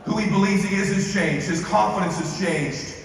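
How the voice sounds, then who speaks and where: A man's voice: sits high, moderate pace. A middle-aged man gives a motivational stage speech to a live audience, driving his points home by repeating key phrases. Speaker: motivational speaker. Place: large hall with a live audience. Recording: echoey hall, from far off, with ambient noise.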